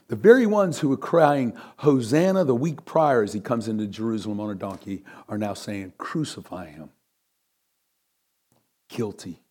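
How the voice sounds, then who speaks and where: A man teaching a sermon, reading scripture aloud, and swinging from loud emphatic peaks to quiet low asides. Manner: reads scripture aloud and stresses key words. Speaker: preacher.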